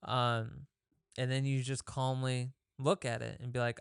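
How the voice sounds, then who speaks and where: Male fitness host, smooth voice, dry close sound, casual coaching tone that acts out inner thoughts. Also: medium pitch, little pitch movement, unhurried, no echo. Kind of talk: casual motivational talk.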